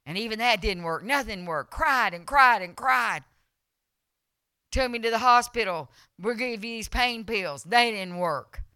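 A woman preaching a revival sermon, telling a personal testimony, swinging from soft storytelling to loud, emotional preaching. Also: on the high side, animated, unhurried, clean tone, no room sound, clean studio sound.

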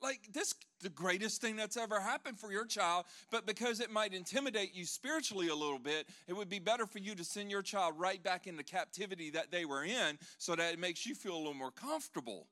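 A man, a pastor, preaching a sermon with animated delivery that swings from loud proclaiming to hushed tones, with joking asides to the congregation. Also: high-pitched, brisk, hardly any pauses.

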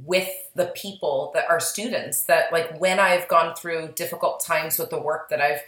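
A woman's voice: sits low, steady tone, normal speed, a bit bright, echoey room, poor audio. A woman co-hosting a casual podcast, chatty and reflective, her voice slightly worn. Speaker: podcast co-host, psychic medium.

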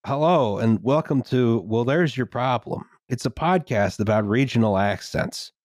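A man's voice: mid-range voice, moderate pace, darkish tone, no echo. Laid-back man in his late twenties, dry-voiced. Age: 20s. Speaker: podcast host. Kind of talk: casual chat.

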